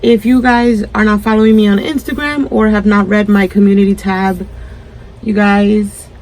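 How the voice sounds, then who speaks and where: A woman's voice: medium pitch, flat delivery, moderate pace, a little mellow, rough recording. A woman hosting a crafting channel, talking to camera in a heartfelt, emotional way, close to tears. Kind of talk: casual vlog to camera.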